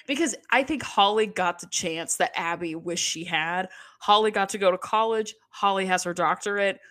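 Animated young woman gossiping on a podcast. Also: moderate pace. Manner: animated, gossipy, acts out quotes with pitch jumps. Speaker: podcast host. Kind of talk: casual chat.

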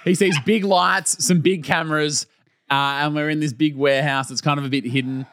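A man's voice: a little high, fairly even intonation, normal speed, a bit bright, no echo, studio quality. A man, co-hosting a casual chat with joking, teasing banter. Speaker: podcast co-host.

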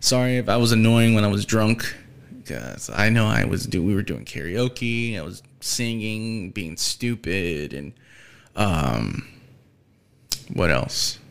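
A man's voice: on the low side, expressive, slow, creaky. A young man talking as a podcast host in casual, rambling chat, swearing often as he vents his annoyance.

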